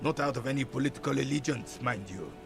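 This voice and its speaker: A man voicing a proud, gruff old veteran guard in a video game who scolds in clipped, formal sentences. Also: medium pitch, quick pace, faint music behind, natural voice. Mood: weary. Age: older. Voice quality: gravelly.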